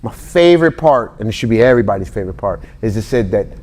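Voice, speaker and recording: A man in his forties giving a lively, conversational Bible teaching, talking straight to his listeners and acting out the people in his stories. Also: on the low side, fast talker. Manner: animated, talks straight to the audience, acts out quotes. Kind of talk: conversational sermon-style teaching.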